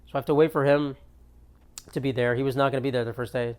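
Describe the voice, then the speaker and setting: A man's voice: medium pitch, steady tone, quick pace, darkish tone, clean tone. Young male comic host, ranting and exasperated, swears freely, solo bit from his apartment. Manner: ranting, exasperated, profane storytelling. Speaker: comedian podcast host. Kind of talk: solo comedic monologue.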